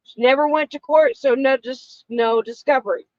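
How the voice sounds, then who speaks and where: A woman with a high voice co-hosts a loose political chat, pressing her points hard and repeating words for emphasis. The sound is close and dry, a little dull in the top end. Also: normal speed, darkish tone, no echo. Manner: emphatic, insistent, repeats phrases. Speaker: co-host.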